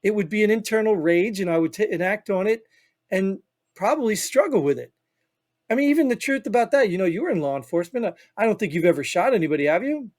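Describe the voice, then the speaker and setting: Man, Northern US accent, high voice, rambling, emphatic, podcast co-host. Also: expressive, fast talker, darkish tone. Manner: rambling, emphatic, peppered with "you know what I mean". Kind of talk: opinionated casual chat.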